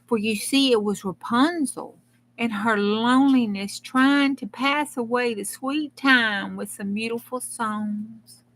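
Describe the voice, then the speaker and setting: A woman's voice: a little high, slow, a bit bright, poor audio. A woman hosting a crafting channel, reading a fairy tale aloud in a folksy way with chatty asides. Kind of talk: storytelling read-aloud with casual asides.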